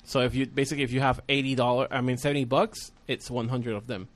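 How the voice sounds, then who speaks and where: A man's voice: medium pitch, steady tone, quick pace. A man from Puerto Rico with a Puerto Rican accent and Spanish as his first language, telling a long rambling story in casual chat, swearing and acting out what people said.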